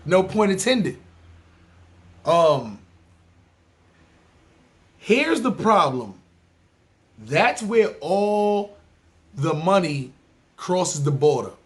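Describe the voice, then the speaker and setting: A man with a New York City accent hosting a podcast, talking in a loose, animated, profane street style. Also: high-pitched, drawn-out words, long pauses. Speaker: podcast host. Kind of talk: casual monologue ranking places.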